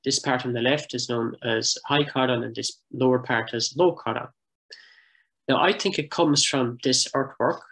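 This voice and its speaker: Measured man explaining slides. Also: mid-range voice, gravelly, fairly bright tone, poor audio. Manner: thoughtful, measured, with frequent hesitations. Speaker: project coordinator giving a heritage talk. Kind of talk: explanatory talk over slides and maps.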